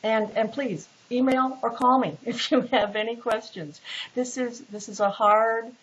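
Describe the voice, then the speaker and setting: A woman's voice: a little high, steady tone, measured pace. A woman instructor giving a casual, patient recorded lecture with many fillers and restarts. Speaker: literature instructor. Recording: dull lo-fi recording with faint hiss.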